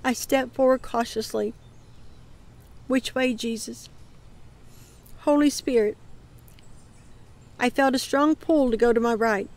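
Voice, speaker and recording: A woman reading her dream account aloud in a calm voice that often drops to a murmur. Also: a little high, slow pace, pauses often. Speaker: ministry dream teller.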